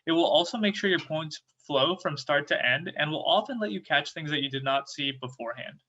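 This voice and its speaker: A young man presents his part of a student workshop over a video call, reading steadily from a script. His voice is bright and fairly high for a man. The audio sounds dull and lo-fi. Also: fairly quick.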